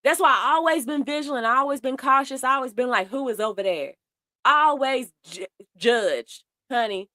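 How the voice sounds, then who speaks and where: Woman, higher voice, dry close sound, blunt heated casual commentary. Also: moderate pace, bright, forceful tone, no echo. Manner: blunt, heated, profane, talks straight to viewers. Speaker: commentary host.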